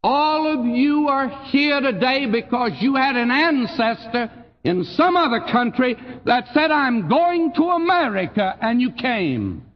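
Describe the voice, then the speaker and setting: An older man with a Texan accent preaching a sermon in a folksy, emphatic way, his voice swooping high on key phrases and dropping low. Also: very animated, unhurried, in a large hall, highs cut off. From Texas. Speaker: pastor.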